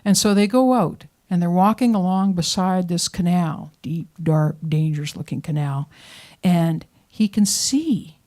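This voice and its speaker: A woman telling a story live to an audience, with dramatic pacing and hushed moments for suspense. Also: on the low side, a little slow. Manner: lively, dramatic pacing, drops to whispers for suspense. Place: performance venue showroom.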